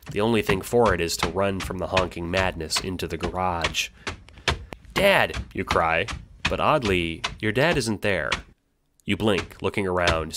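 Very deep-voiced man narrating drama. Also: background noise. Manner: dramatic, swinging from hushed dread to panicked cries. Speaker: narrator and voice actor. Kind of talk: second-person audio drama narration.

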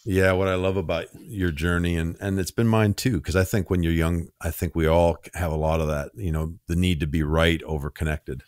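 A man with a deep, low voice hosts a relaxed podcast chat and tells his stories with energy, slipping into the voices of the people he quotes. The sound is dry and close, with no room around it. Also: fairly quick, hardly any pauses, no room sound. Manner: animated storyteller, acts out quoted dialogue, laughs easily. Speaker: podcast host. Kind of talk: conversational interview storytelling.

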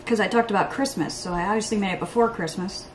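A young woman chatting through her makeup routine in a get-ready-with-me vlog at home, rambling, excitable and laughing at herself. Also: mid-range voice, fast talker, slight background noise. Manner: rambling and self-mocking, laughs often; excitable, hyper. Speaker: beauty vlogger.

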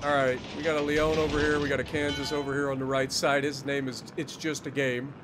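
A man's voice: medium pitch, flat delivery, fairly quick, noisy background. A man streaming a naval battle game live, ranting with heavy swearing and dry sarcasm about his bad luck. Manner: profane, exasperated ranting with sarcasm. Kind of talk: live gameplay commentary.

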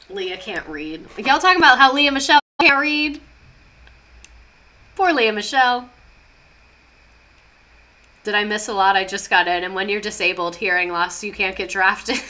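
A woman's voice: medium pitch, sharp tone. A young woman streaming a casual history lesson, chatty and sarcastic, reading chat aloud as she goes.

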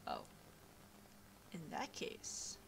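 A young woman giving casual, chatty commentary over a video game playthrough, easily distracted and full of fillers, on a home computer microphone. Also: drawn-out words. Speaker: gameplay commentator.

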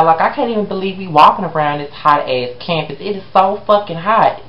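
A woman's voice: lowish voice, animated, fairly quick, few pauses. A woman talking casually and bluntly, with some cursing, while walking outdoors on a college campus. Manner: blunt and profane. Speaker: web series cast member. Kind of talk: casual vlog talk. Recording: muffled, roomy, with faint outdoor noise.

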